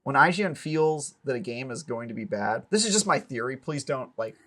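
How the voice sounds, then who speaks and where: Male co-host, mid-pitched, rambling and halting casual chat. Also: lively intonation, pushed and bright. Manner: rambling, halting, self-deprecating. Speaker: podcast co-host and game reviewer. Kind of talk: casual live podcast chat.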